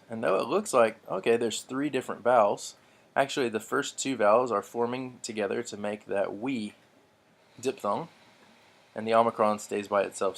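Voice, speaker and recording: Man, low voice, patient teacher, spelling out letters, casual lesson with ums. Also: gravelly. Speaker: Bible Greek teacher.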